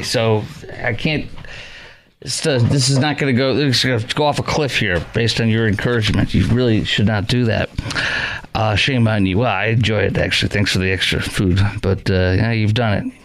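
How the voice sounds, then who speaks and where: A man's voice: mid-range voice, a bit bright, a little hiss or hum. A man hosting a talk radio show, delivering a sarcastic, rambling opinion monologue with mocking asides.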